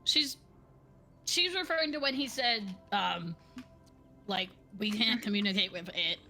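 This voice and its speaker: A woman playing a tabletop game, calmly explaining a point to the table. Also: mid-range voice, unhurried, soft background music. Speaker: player. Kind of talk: casual table talk during role-play.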